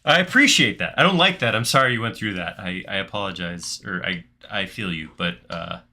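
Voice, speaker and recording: A man hosting a live software modeling stream, thinking aloud in casual chat as he works. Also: fairly low pitch, expressive, brisk. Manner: chatty, thinks aloud with restarts while clicking. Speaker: livestream host modeling in software.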